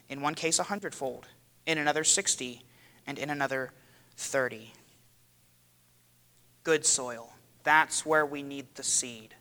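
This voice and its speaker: A man preaching a sermon to his church, dramatic and building to loud cries. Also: fairly high pitch. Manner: dramatic, rising to loud cries when quoting. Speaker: pastor.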